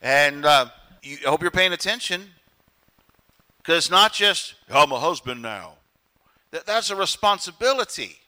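Male pastor, middle-aged, bright and slightly high voice, emphatic sermon delivery. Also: moderate pace. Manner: emphatic preaching, acts out quoted voices.

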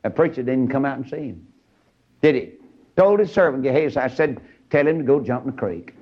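A man preaching a storytelling sermon, acting out the characters and rising into high shouts. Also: expressive, fast, husky. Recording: dull lo-fi old recording.

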